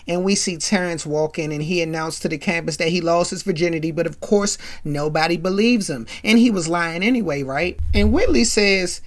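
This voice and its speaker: A woman's voice: fairly low pitch, normal speed, few pauses. A woman hosting a casual, rambling recap with lots of asides. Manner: rambling, animated, full of asides. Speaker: podcast host. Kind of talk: casual episode recap commentary.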